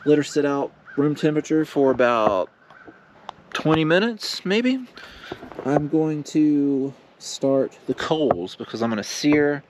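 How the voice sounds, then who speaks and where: A man vlogging casually while camping alone, talking slowly and loosely with lots of fillers. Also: a little high, animated, noisy background. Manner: slow, rambling, laid-back talk with many fillers. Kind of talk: casual solo camping vlog. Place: outdoors at a windy campsite.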